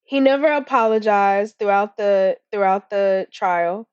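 A woman's voice: mid-range voice, unhurried, a little mellow, dry recording. Young woman podcast co-host, rambling and profane, lo-fi dead-dry sound. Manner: blunt, heavy swearing, rambling with fillers. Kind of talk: casual chat. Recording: dull lo-fi recording.

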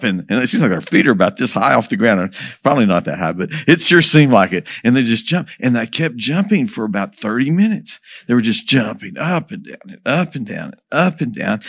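A missionary speaker with a medium-pitched voice tells a story to an audience in a lively way, asking questions and chuckling as he goes.

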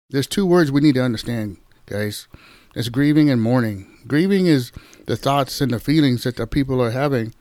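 A man giving an informal devotional talk as a Bible teacher, gentle and repetitive, often addressing listeners as "guys". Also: mid-range voice, dry recording.

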